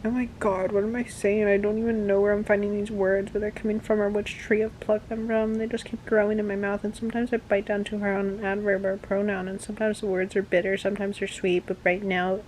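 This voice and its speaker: A woman's voice: medium pitch, level tone, fast talker, hardly any pauses, darkish tone, a little hiss or hum, lightly acted, low-quality recording. A woman reading aloud as a seventeen-year-old girl, with a breathless, torn inner monologue. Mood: flustered.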